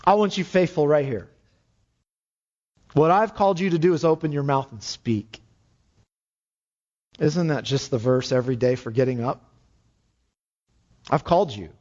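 A pastor preaching a sermon, earnest and rising to fervent exhortation. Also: male voice, mid-range voice, normal speed, pauses often, a little mellow. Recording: dull lo-fi sound.

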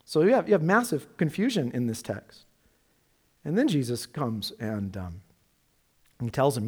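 A male pastor preaching a sermon in an animated, conversational way, full of rhetorical questions. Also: a little high, normal speed, husky, long reverb tail.

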